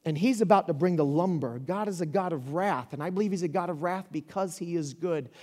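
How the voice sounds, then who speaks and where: High-voiced animated male preacher. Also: brisk. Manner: animated, conversational preaching with rising shouts. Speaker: pastor. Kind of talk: sermon.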